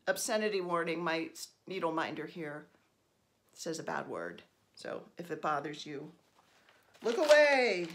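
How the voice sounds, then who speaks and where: A middle-aged woman from New Jersey talks over her stitching with a lowish voice, wandering off topic and teasing herself. Her ums come often and she never hurries. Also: fairly bright tone. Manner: rambling, self-deprecating, lots of ums. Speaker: stitching vlogger. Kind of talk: casual chat while stitching.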